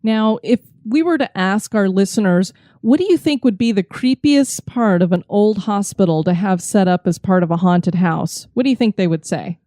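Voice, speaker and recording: A woman co-hosting a podcast, telling a story in a lively way into a close mic. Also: mid-range voice, moderate pace, hardly any pauses, dry recording. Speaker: podcast co-host.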